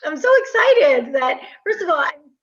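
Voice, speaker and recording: Her voice sits high and is very animated, moving at a moderate pace. She's a woman from the United States with an American accent, hosting a casual podcast interview in a gushing, chatty way full of fillers and restarts, captured on a dull lo-fi recording.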